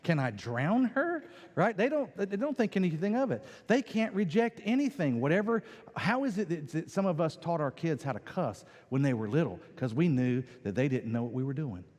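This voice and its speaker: A man preaching a sermon as pastor, animated and playful, acting out quoted voices. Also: a little high, brisk. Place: church sanctuary. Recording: long church hall reverb.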